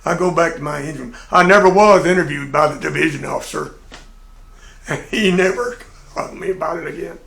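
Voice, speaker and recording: A man's voice: a little high, brisk, vocal fry, fairly bright tone. An older man, a navy veteran, telling a casual, plain-spoken anecdote with chuckles and swearing. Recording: echoey room.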